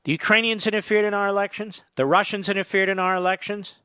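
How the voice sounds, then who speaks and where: A man's voice: high-pitched, fairly even intonation, fast talker, pushed and bright, clear, resonant tone, dry recording. An older man hosting a political talk radio show, delivering a combative, sarcastic monologue that swells to emphatic peaks. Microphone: studio microphone.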